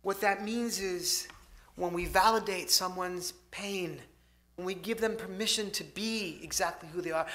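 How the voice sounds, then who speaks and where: A man giving an inspirational talk to a congregation in a synagogue hall, swinging between loud emphasis and hushed softness. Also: sits high, normal speed. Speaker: motivational speaker.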